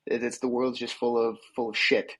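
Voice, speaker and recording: A man's voice: medium pitch, little pitch movement, moderate pace, a bit bright, breathy edge, rough recording. A man hosting a podcast interview, talking bluntly in casual chat, set back from the mic. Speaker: podcast host.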